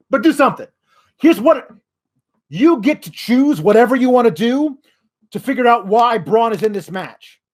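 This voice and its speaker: A man hosting a wrestling podcast, delivering an exasperated rant full of swearing. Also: high-pitched. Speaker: wrestling news podcast host.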